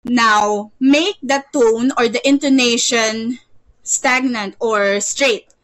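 A woman's voice: fairly high pitch, slow pace, a bit bright, rough recording. A woman teaching an online English lesson, patient, repeating words and stammering "you, you" as she leads drills.

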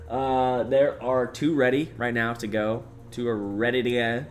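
A young man casually chatting on a live stream, reading chat aloud and rambling with relaxed swearing. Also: medium pitch, normal speed, hardly any pauses.

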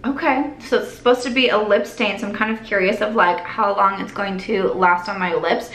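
A woman's voice: medium pitch, steady tone, moderate pace, a bit bright. A young woman chatting while she does her makeup in a get-ready-with-me vlog, rambling and earnest, with lots of "like" and restarts. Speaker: beauty vlogger. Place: at home doing makeup. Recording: echoey room.

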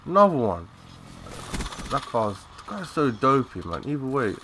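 Excitable young gamer, bright voice. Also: male voice, mid-range voice, moderate pace, slightly rough. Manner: excitable, swearing, chatty slang. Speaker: gaming commentator. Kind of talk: live gameplay commentary.

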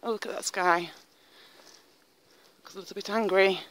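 A woman from northern England chats to her handheld camera as she walks outdoors. She rambles from thought to thought and laughs often. Her voice sits at an ordinary middle pitch. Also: steady tone, normal speed, a bit bright. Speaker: vlogger. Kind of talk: casual walking vlog. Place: outdoors on a countryside walk. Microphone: handheld camera filming herself.

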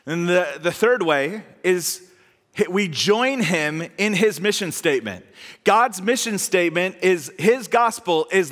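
A male pastor giving a conversational sermon, animated and joking, now and then putting on funny voices. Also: high voice, a little slow, big-room sound. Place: church hall.

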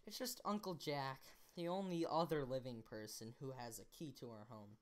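A woman's voice: very deep voice, normal speed. A young woman reading a novel aloud in a casual, playful way, stopping to correct herself and laughing at her own slips. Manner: playful, self-interrupting, slips into voices. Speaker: reader. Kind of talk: casual amateur book reading.

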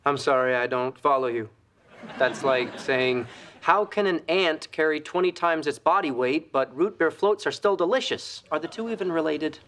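A man's voice: on the high side, normal speed, a bit bright, a little hiss or hum, lightly acted. An actor playing a brash, boastful womanizing friend in a sitcom. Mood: cocky. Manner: cocky, boastful. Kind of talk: sitcom acting.

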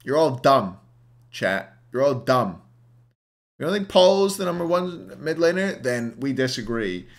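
Speaking at a measured pace with a sing-song, medium-pitched voice, this young guy is hungover on a relaxed live stream. He ranks players, curses heavily, and goes off at his chat.

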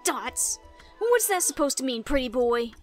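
A woman's voice: high voice, big pitch swings, measured pace, faint music behind. A woman voicing a tiny, hot-tempered male wandering artist sprite, reading his lines in a grumpy, snappy way. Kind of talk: reading game dialogue aloud.

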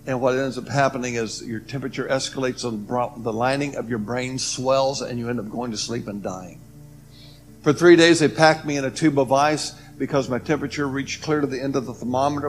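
A man telling a personal testimony story, swinging between loud emphatic lines and hushed, low ones. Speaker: testimony speaker.

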